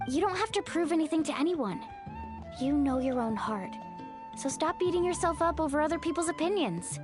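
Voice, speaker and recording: A woman's voice: high voice, animated, fairly quick. A woman voicing a confident, encouraging young woman warrior in a video game. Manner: encouraging, breezy. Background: game music.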